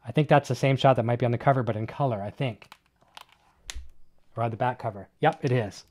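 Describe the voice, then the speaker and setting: A man hosting a live online show, chatting casually and excitedly while unboxing, with many fillers and restarts. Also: mid-range voice, fairly quick. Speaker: host of a live gear show.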